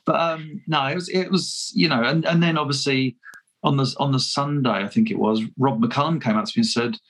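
A man talks through a long story in a relaxed interview, husky and a little breathy. His pitch sits in an ordinary middle range. He rambles with lots of false starts and quick chuckles. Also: rough recording. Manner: chatty, self-deprecating, laughs often, many restarts. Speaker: fan filmmaker guest.

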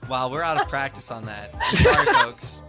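A man's voice: medium pitch, wildly swooping pitch, moderate pace, over loud music. A man co-hosting a podcast, joking and teasing his co-hosts in casual chat. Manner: playful, teasing. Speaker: podcast co-host. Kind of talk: casual banter.

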